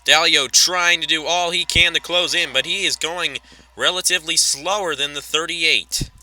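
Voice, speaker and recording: A man doing play-by-play race commentary in a voice that is very bright and sharp, pitched a bit high for a man. He calls the action in a rapid, chatty way, catches his own slips and drifts into offhand asides. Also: poor audio. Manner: rapid call with self-corrections and chatty asides.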